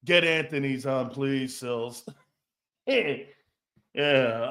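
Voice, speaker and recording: A man's voice: mid-range voice, very slow, pauses often, a bit bright. A man hosting a casual sports talk show, joking, rambling and laughing often between his points.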